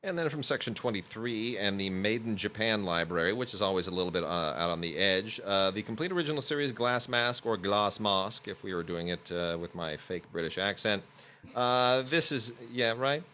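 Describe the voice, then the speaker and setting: Male podcast host, low-ish but bright voice, casual rambling review chat, faint hiss behind. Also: expressive, moderate pace. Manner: rambling, many fillers and restarts. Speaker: podcast host reviewing home video releases.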